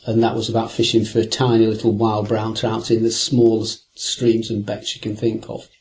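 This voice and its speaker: An older fisherman tells anecdotes in a reflective interview, his fairly low, darkish voice completely flat and his pace moderate. He rambles along, hesitating and restarting often.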